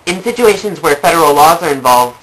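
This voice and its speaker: A woman's voice: sits low, animated, brisk, a bit bright, poor audio. A young adult woman telling funny personal stories in a rambling way, with many fillers and repeated phrases. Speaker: vlogger. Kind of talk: comedic personal storytelling.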